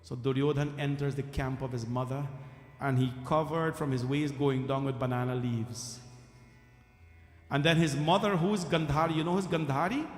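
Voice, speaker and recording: A man telling a devotional story in a temple, animated, acting out dialogue and making asides to the audience. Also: medium pitch, moderate pace, faint music behind. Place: temple hall. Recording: reverberant temple hall.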